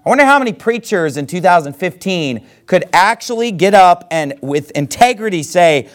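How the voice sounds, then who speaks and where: A middle-aged man preaching a Bible sermon, reading scripture slowly and then explaining it in a folksy, emphatic way. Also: sits high, expressive.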